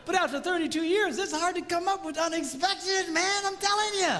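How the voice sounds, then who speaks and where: A man's voice: very high voice, a little fast. A middle-aged man giving a comedic talk on marriage to a live audience, acting out voices and bantering with the crowd. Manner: animated, acts out voices, jokes with crowd. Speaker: speaker on marriage. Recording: hall reverb with faint ambience.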